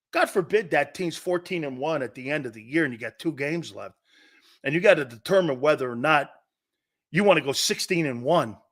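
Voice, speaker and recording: A middle-aged man hosting a sports talk show, ranting loudly and mocking rivals. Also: on the high side, lively intonation, moderate pace. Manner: loud, mocking, puts on voices and laughs often. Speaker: sports radio host. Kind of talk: animated sports talk rant.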